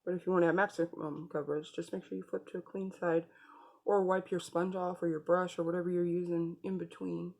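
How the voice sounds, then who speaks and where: Gravelly-voiced woman beauty vlogger. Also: on the low side, level tone, fairly quick, darkish tone. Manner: chatty, talks straight to viewers. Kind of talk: casual makeup tutorial chat.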